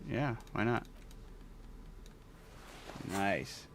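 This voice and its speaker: A man's voice: fairly low pitch, big pitch swings, drawn-out words, a little hiss or hum. A man playing a video game, casually reading its text aloud and chatting, laughing often. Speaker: gaming streamer.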